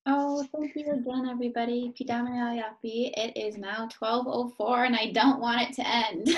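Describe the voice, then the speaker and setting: A woman's voice: fairly high pitch, rough recording. A woman facilitating a webinar on a video call, giving grateful closing remarks and announcements. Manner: warm, grateful.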